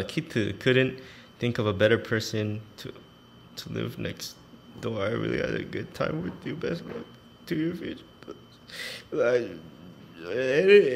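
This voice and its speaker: A man's voice: fairly low pitch, creaky, a little hiss or hum. A man reading farewell notes aloud, mixing Korean phrases into casual English and laughing often, emotional and teary. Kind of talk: casual chat.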